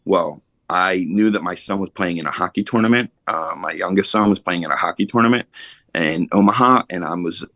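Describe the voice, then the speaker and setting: A man's voice: sits low, fairly quick, bright, forceful tone, dry recording. A middle-aged man, a podcast guest, telling a blunt, profane, emotional story about his recovery in a casual way.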